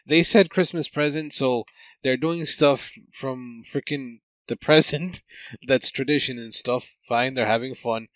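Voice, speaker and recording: A man's voice: mid-range voice, fairly bright tone, no echo. A man casually recapping a movie on a podcast, joking with exasperated asides. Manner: jokey, exasperated asides, frequent laughs. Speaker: podcast host. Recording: dull lo-fi dry sound.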